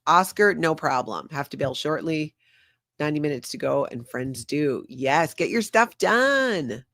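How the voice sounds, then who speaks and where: A woman's voice: low voice, lively intonation, measured pace, fairly bright tone, no echo, studio quality. Chatty older woman hosting a livestream. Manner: chatty, laughs often, reads viewer comments aloud. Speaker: livestream host. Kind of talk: casual livestream chat.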